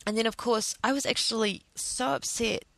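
A woman's voice: on the high side, fairly even intonation, normal speed, vocal fry, fairly bright tone, dry recording. A woman telling a personal story to camera in an emotional, hesitant way, with many restarts.

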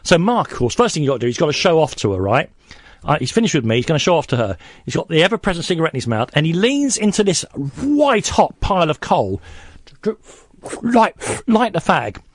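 A man's voice: a little high, very animated, brisk, no echo. A man on a late-night radio show in the studio as a guest, telling rambling anecdotes with many restarts.

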